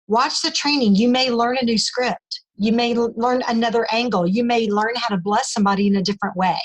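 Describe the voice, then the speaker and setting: A woman's voice: on the high side, brisk, rough recording. A woman leading a team call, talking in an upbeat, encouraging, rambling way while losing her voice.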